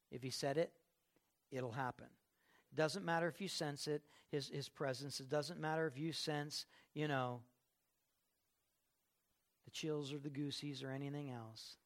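Gravelly, emphatic preacher man. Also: mid-range voice, steady tone, unhurried, pauses often. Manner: emphatic, swings from quiet to loud. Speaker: pastor. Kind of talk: sermon.

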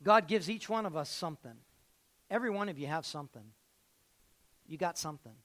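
A man preaching a sermon as pastor, telling stories and repeating phrases, swinging between loud and hushed. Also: fairly high pitch, expressive, fairly quick.

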